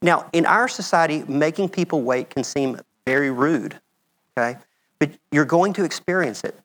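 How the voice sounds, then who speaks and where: A man's voice: on the high side, moderate pace, a bit bright. A middle-aged American man giving a conversational talk with slides in a lecture room, often checking in with "okay?". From United States. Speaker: medical mission speaker.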